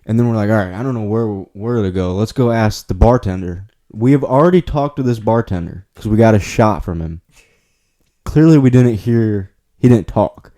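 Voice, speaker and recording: A young man with a low, dark and relaxed voice tells a vacation story in loose casual conversation. He rambles, laughs along and swears freely as a podcast host. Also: normal speed. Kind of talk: casual chat.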